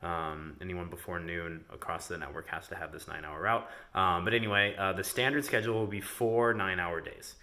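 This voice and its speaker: A man's voice: low-pitched, steady tone, fairly quick, hardly any pauses, sharp tone. A man who owns a delivery company gives a casual video update to his employees from indoors, rambling with many ums and uhs. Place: indoors in a house.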